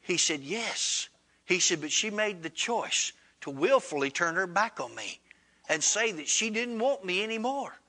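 A man's voice: big pitch swings, moderate pace, pushed and bright. A man preaching a sermon, retelling a story in plain, folksy speech and acting out both sides of the dialogue. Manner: retells dialogue with rising pitch, Southern colloquial grammar.

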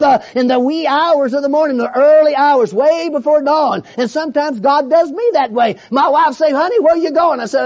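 A Southern American preacher with a Georgia accent, giving a folksy, joking Pentecostal sermon full of amens, sometimes shouting. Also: male voice, very high voice, creaky, lo-fi sound. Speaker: pastor, preacher.

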